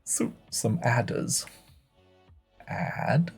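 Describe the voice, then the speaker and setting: A man's voice: mid-range voice, lively intonation, very slow, creaky, breathy edge, faint music behind. A man streaming a puzzle game live, thinking aloud in a playful way and muttering to himself as he works.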